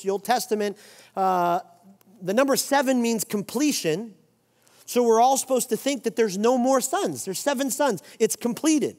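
A man in his forties preaches with a lively, rising and falling voice that sits a bit high for a man. He drives his points home through repetition, and his voice rings with a long church-hall reverb. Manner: emphatic preaching with repeated declarations. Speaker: pastor. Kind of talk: sermon. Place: church sanctuary.

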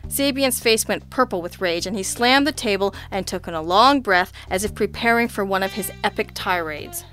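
A woman giving crisp, dryly amused first-person narration of a hard-boiled detective story. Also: medium pitch, normal speed, fairly bright tone, soft background music. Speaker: audiobook narrator.

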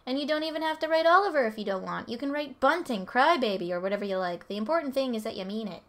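A woman's voice: a little high, lively intonation, quick pace, a bit bright. A woman reading aloud the lines of a bossy little male fairy from a game, in a put-on, uncertain accent. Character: small cheeky male fairy, bossy guide.

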